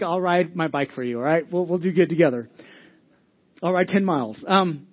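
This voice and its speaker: A man with a high voice preaches a conversational sermon, earnest and direct. He restarts and repeats phrases as he goes and keeps asking the congregation questions. The recording sounds dull and lo-fi. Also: expressive, a little fast. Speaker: pastor.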